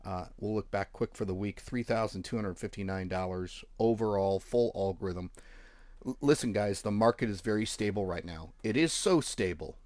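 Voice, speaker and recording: A man's voice: fairly low pitch, moderate pace, a little mellow, dry recording. A man hosting a trading channel, casually walking viewers through charts and accounts with offhand jokes. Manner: offhand, joking, talks while clicking through charts. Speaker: forex trading channel host. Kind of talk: casual screen-share walkthrough.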